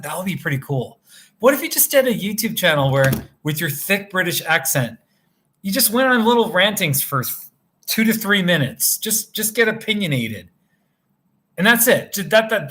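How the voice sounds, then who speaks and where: A man's voice: sits high, bright, forceful tone. A tired man hosting a casual livestream from a motel room, rambling as he chats with viewers by name. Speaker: livestream host reading viewer chat.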